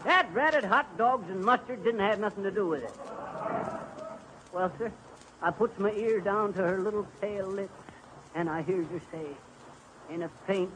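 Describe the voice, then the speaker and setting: A man's voice: sits high, normal speed, long pauses, close to an everyday voice. An actor playing a boastful middle-aged man spinning a tall tale, with a folksy drawl, in 1930s radio comedy. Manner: folksy, bragging, rambling. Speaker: comic storyteller. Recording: noisy old radio broadcast.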